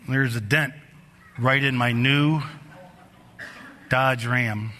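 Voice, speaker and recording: In a church sanctuary, a middle-aged pastor shares personal stories during his sermon at an unhurried pace, pausing often. His animated delivery rises in pitch and volume as the story builds, with long hall reverb around him.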